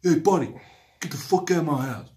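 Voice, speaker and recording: A man putting on a loud, scolding American guy. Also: a little high, lively intonation, fairly quick, voice pushed up, natural voice. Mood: indignant. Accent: American, put on. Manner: brash, scolding.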